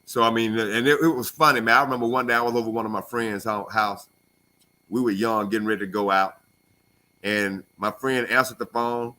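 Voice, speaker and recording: A man co-hosting a radio talk show, telling stories in a casual, animated way. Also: lowish voice, a little fast. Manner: animated storyteller, acts out voices. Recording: call-in radio show studio.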